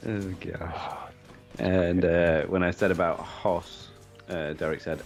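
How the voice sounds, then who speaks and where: A man co-hosts a gaming stream, poking fun at his friend with dry banter. His voice sits very low. Faint music plays in the background. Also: steady tone, slow, vocal fry, pauses often, darkish tone. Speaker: co-host. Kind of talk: casual gaming livestream chat.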